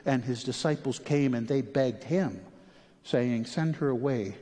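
A male pastor delivering a sermon, moving between quiet questions and animated, urgent pleading. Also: mid-range voice, measured pace, in a large hall.

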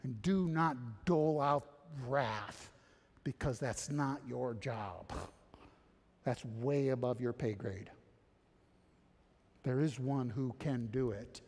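A man preaching a sermon, moving between hushed, low passages and loud, high-pitched exhortation. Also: big-room sound.

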